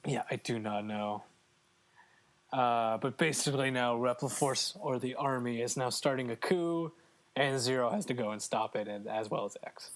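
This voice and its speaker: A man's voice: medium pitch, normal speed. A man co-hosting a casual gaming podcast, chatty and joking with frequent fillers. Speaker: podcast co-host. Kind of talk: casual chat.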